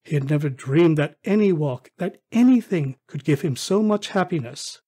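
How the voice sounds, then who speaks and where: Man reading an old classic out loud, kinda husky, a bit high, really expressive. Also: moderate pace. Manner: expressive storytelling. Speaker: audiobook narrator. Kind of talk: scripted audiobook narration.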